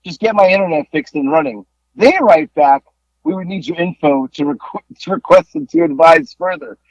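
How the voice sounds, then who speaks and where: A man co-hosting a podcast, telling a story in a casual, animated way and acting out the people he talked to on the phone. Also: on the high side, moderate pace, no echo. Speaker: podcast co-host. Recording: dull lo-fi dry sound.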